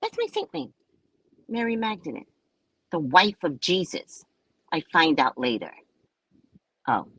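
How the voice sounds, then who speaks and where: Husky, lively woman telling a story. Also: lowish voice, measured pace, pauses often, dry recording, poor audio. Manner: blunt, profane, laughs often. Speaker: psychic reader and live-stream host. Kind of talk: casual storytelling chat.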